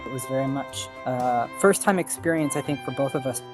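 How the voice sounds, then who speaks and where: A woman in a documentary interview looks back on a cherished friendship. Her voice is low and heartfelt. Music plays underneath her words. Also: fairly quick. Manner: heartfelt, reflective.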